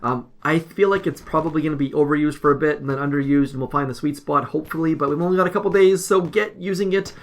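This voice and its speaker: A man's voice: a little high, steady tone, fast, few pauses. A man casually commenting as he plays a mobile strategy game, rambling and self-deprecating. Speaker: mobile game video host.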